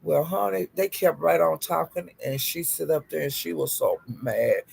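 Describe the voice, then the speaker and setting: A man with a high, deeply gravelly voice dishes gossip to his viewers, sassy and profane. His tone is husky and breathy, and he keeps calling his listeners honey and child as he leaps up in pitch for emphasis. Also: moderate pace. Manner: animated, jumps up in pitch for emphasis. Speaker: gossip vlogger. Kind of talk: casual gossip storytelling.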